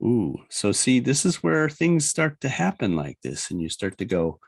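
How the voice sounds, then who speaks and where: A man teaching an animation software class, rambling and thinking aloud as he works. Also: medium pitch, big pitch swings, normal speed, vocal fry, no echo, poor audio. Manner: rambling, chatty, thinks aloud with laughs and sound effects. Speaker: animation instructor. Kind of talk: casual screen-recorded class demo.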